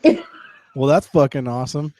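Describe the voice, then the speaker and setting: A man's voice: medium pitch, measured pace, dark tone, dry recording. A man joking and asking questions in a casual chat among friends.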